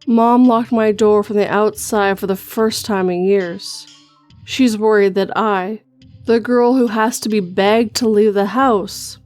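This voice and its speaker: A woman narrating a first-person horror story, with measured scripted storytelling. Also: mid-range voice, darkish tone.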